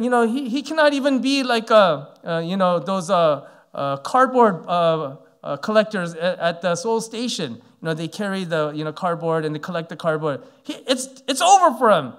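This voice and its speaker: A man's voice: high voice, animated, moderate pace, a bit bright. A man in his forties from Canada, preaching a sermon as a pastor and telling a story with many fillers. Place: church sanctuary.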